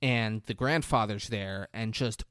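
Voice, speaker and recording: A man's voice: on the low side, unhurried, fairly bright tone, smooth, no room sound. Dry-voiced man recapping a movie. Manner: rambling, profane storytelling with laughs. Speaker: podcast host.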